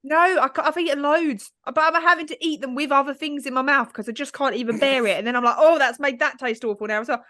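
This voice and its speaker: A woman's voice: high voice, quick pace, hardly any pauses, sharp tone, no echo, clean studio sound. A woman co-hosting a podcast, telling a story in casual chat and acting out what people said. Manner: chatty, self-mocking storyteller who acts out quotes. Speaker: podcast co-host. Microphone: studio microphone, on camera.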